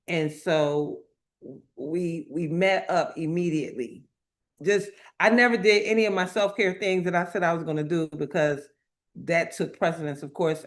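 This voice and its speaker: A woman sharing a faith-based testimony, telling her story with lively quoted dialogue and repeating phrases for emphasis. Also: low voice. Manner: animated storytelling, acting out quoted voices. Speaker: motivational speaker.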